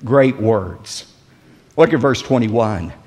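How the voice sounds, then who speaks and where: A pastor delivering a sermon with dramatic swings in loudness and emphasis. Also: male voice, animated, slow pace, in a large hall. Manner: dramatic preaching with big swings in pitch and volume.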